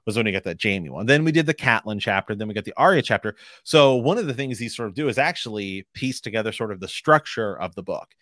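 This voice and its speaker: A man's voice: fairly low pitch, expressive, quick pace, hardly any pauses, a bit bright, no room sound, clean studio sound. A man co-hosting a casual book discussion podcast, rambling and often restarting his sentences. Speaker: podcast co-host.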